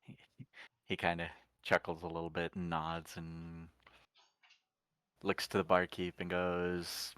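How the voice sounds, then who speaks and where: A man narrates his character's moves at the gaming table in a stumbling, good-humored way. His low voice is smooth and resonant, recorded close and dry. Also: steady tone, measured pace, pushed and bright, no room sound. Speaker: player. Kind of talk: tabletop role-play.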